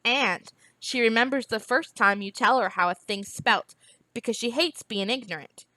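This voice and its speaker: Woman voicing blunt street kid boy, slangy, storybook reading, a touch higher, dry close sound. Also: expressive, a little slow, fairly bright tone, no echo. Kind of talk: reading a novel aloud.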